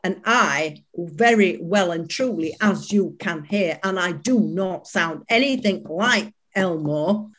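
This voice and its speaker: A woman's voice: fairly low pitch, lively intonation, slow pace, hardly any pauses, fairly bright tone. Blunt Northern English woman. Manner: indignant, blunt. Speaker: judge.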